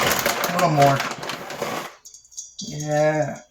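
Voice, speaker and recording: A man's voice: high-pitched, measured pace, very noisy. A man hosting a casual cooking demonstration, chatty and playful, with silly sound effects and jokey asides. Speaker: cooking show host.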